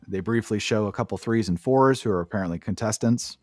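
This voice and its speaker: A man's voice: on the low side, a little fast, a little mellow, no room sound, clean studio sound, faint music behind. A man co-hosting a podcast, giving a sarcastic, profane play-by-play recap in casual chat. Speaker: podcast co-host.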